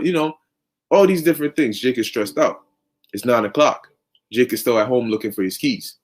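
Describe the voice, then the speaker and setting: Man telling a preaching story, casual. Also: medium pitch. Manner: conversational, lots of fillers and restarts, slang.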